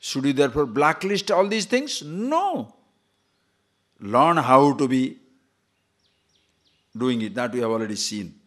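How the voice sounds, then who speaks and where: Pausing often and going a little slowly, this man has a mid-range voice. He gives a spiritual discourse as a teacher, lively and repetitive, with jokes and chuckles, short stories, repeated phrases, and questions for his audience.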